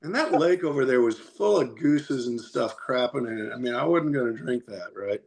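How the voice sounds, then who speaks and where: A man guest on a podcast, telling a road story in a chatty, animated way and laughing often. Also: mid-range voice, normal speed, creaky. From United States. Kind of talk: casual storytelling.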